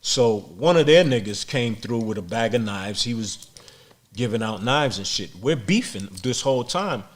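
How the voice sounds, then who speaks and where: A middle-aged man speaking as a podcast guest, his voice sitting at an ordinary middle pitch. He tells a rough story bluntly, with plenty of swearing and quick repeated words. His delivery comes across as plain-spoken and unpolished. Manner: blunt, profane, repeats words when excited. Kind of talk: street storytelling interview.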